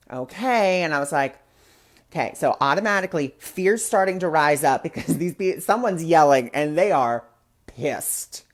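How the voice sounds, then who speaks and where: Woman spiritual host with a low voice, casual chatty storyteller. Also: darkish tone. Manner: chatty, many fillers, acts out quotes. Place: live online broadcast.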